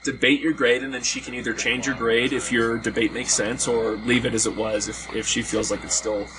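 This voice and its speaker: A man's voice: medium pitch, brisk. A man from Hawaii, a podcast host, telling a long story in casual chat among friends and acting out the voices of the people in it. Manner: animated, acts out quoted voices. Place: outdoors around a fire at a party. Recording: outdoor party gathering with background noise.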